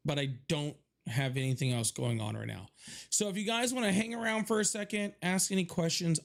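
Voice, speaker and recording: A young man hosting a casual livestream from his home office, chatting with viewers, thanking them by name and swearing freely. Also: fairly high pitch. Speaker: livestream host.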